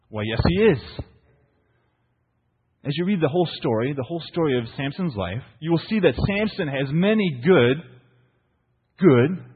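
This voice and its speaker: A pastor preaches a sermon to his church, telling stories playfully and often asking the congregation "right?" as his pitch rises and falls widely. His husky voice sounds thin, almost like it's coming over a phone line, and a long echo lingers in the hall.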